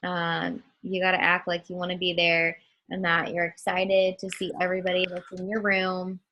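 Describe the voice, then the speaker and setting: A woman leading a casual training call for new models, talking in a slow and chatty way with many ums and calling her listeners guys. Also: lowish voice, completely flat delivery, muffled recording.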